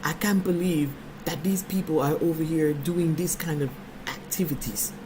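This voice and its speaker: A woman's voice: low-pitched, normal speed, noisy background, lightly acted. A woman imitating her disgusted, stern husband, keeping close to her own voice.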